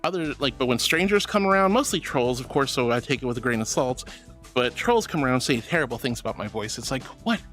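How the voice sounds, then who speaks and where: Man, streamer, bubbly, affectionate, lively swooping pitch, faint background music. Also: fast. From Florida. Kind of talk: casual chat reading messages.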